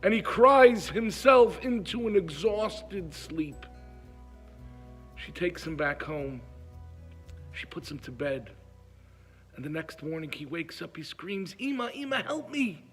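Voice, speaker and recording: A man's voice: fairly high pitch, slow, long pauses, a bit bright, husky, faint music behind. A man telling a moving story in an emotive way. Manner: emotive, acts out pleas in a raised voice. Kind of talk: heartfelt storytelling.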